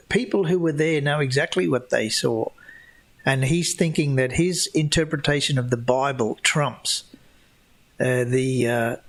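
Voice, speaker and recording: Man, livestream Q&A host, very slow delivery, rambling, scornful. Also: mid-range voice. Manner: slow, rambling, many restarts and fillers; scornful of flat-earth believers. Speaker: livestream host answering chat questions. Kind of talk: casual livestream Q&A.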